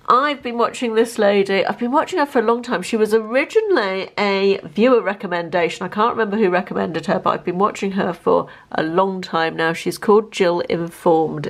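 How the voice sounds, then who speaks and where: A woman in her fifties chatting casually to her camera at home, rambling and self-deprecating as a lifestyle vlogger. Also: mid-range voice. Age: 50s. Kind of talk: casual vlog chat to camera. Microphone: handheld camera.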